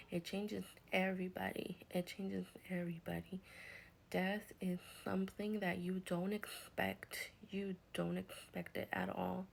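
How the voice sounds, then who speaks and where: A woman in a whispered guided healing session, speaking in a soft, soothing whisper with gentle reassurance. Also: medium pitch, creaky, slight background noise, low-quality recording. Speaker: reiki healer.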